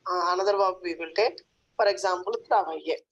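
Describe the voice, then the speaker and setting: A woman teaching French in a lesson, drilling phrases slowly and often checking in with "hmm, d'accord". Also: lowish voice, breathy edge, dull audio. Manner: slow, repetitive drilling with frequent "hmm, d'accord". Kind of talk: online language lesson.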